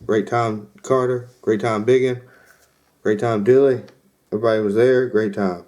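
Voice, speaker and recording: A man's voice: fairly low pitch, fairly even intonation, moderate pace, a little mellow. A young man hosting a podcast, casually telling a rambling story with lots of fillers and quoted asides. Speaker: podcast host.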